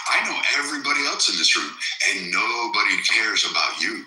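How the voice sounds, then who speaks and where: A man's voice: lowish voice, very animated, a little fast, bright, forceful tone, soft background music. A man berates a caller in a heated online voice room, taunting and profane. His voice is hard-edged and tense. The audio is roomy and echoey. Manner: aggressive, profane, taunting insults. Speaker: podcast host.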